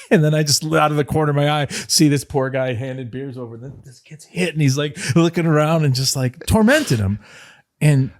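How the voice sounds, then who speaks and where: A man's voice: fairly high pitch, fairly quick, no echo. Rambling, laughing man telling stories. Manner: rambling anecdotes with frequent laughter and fillers. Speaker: podcast co-host, former wrestling insider. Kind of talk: casual storytelling chat.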